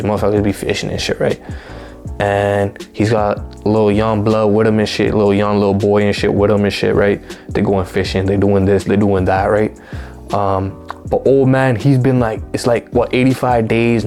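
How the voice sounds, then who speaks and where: A man with a lowish voice talks through a book in a relaxed, slangy way, swearing freely and tossing questions back at his listeners. Faint music plays quietly behind him. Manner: slangy, laid-back, profane, keeps asking "right?". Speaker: book reviewer. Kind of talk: casual book review chat.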